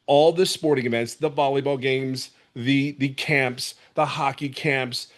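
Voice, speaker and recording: A man's voice: medium pitch, fairly even intonation, measured pace. Fervent man in his fifties. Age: 50s. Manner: fervent and earnest, with many restarts. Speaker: webinar guest giving a testimonial. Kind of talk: emotional motivational testimony. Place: at home.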